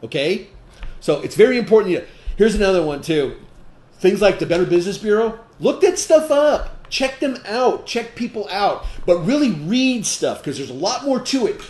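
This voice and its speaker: A man's voice: sits high, expressive, normal speed, darkish tone. Emphatic male trainer in an echoey room. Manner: emphatic, asks the audience rhetorical questions; checks in with frequent "okay?". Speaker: sales trainer. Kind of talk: training talk to distributors.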